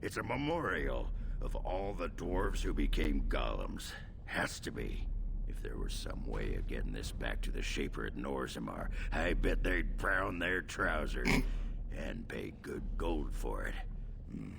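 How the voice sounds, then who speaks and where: An actor playing a gruff, boozy dwarf warrior who talks crudely and grumbles. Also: male voice, rumbling low, animated, measured pace, background noise, exaggerated voice. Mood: grumbling.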